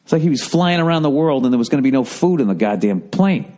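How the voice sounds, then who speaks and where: A man in his fifties with a Boston accent, hosting a podcast and telling a profane, animated comedic story. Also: medium pitch, fast. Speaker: podcast host. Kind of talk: casual comedic monologue.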